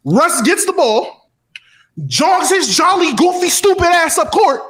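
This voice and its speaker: A man with a high voice tells a story on a casual podcast. He is animated and profane, mocking as he goes, and his pitch jumps around a great deal. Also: a little slow, a little hiss or hum. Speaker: podcast co-host.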